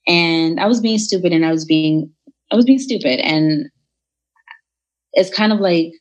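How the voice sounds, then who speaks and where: Young woman w a deep voice, chatty and animated, doing everyone's lines. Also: a little slow. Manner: animated, retells dialogue in voices. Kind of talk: casual storytelling.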